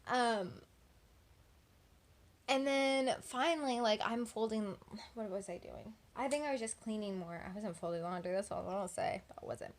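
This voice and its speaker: An eighteen-year-old Texan woman vlogs casually into her phone camera at home at night, telling a story and rambling with plenty of "like" and "um." Her voice is mid-range and moderately paced.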